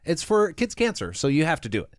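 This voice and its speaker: A man co-hosting a book podcast jokes and mocks himself in easy banter, laughing often. His pitch swings widely as he talks. The sound is close and dry. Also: huge pitch swings, brisk, no echo. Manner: joking, self-mocking, laughs a lot. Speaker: podcast co-host. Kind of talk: casual chat.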